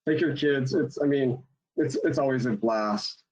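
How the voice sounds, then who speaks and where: A man speaking as a webinar guest over a video call, earnest and halting, with frequent restarts. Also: medium pitch, darkish tone, rough recording. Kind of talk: casual webinar talk.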